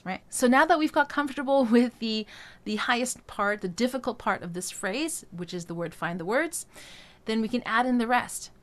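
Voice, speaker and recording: Lively, high-voiced woman vocal coach. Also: normal speed. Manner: explains step by step, breaking phrases into notes; conversational, frequent "right?" and "um". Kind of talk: singing lesson.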